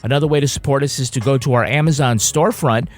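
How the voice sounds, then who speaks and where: A man's voice: medium pitch, fast talker, soft background music. A man co-hosting a podcast, joking around and reading ads in a playful, casual way. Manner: jokey, playful, lively delivery. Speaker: podcast co-host. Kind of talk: casual banter and ad reads.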